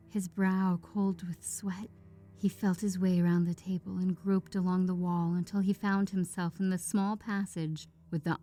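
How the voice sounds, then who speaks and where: A woman narrating a classic horror story in a hushed voice that often drops to a whisper. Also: medium pitch. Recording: faint background music.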